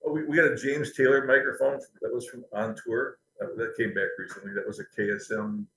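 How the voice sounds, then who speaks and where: A man of medium pitch talks through company history as a guest, chatty and given to laughing while he tells a story. His voice carries a clear roomy echo, as if recorded in a large, open room. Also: fairly even intonation, a little fast, fairly bright tone. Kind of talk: anecdotal interview storytelling. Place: company building.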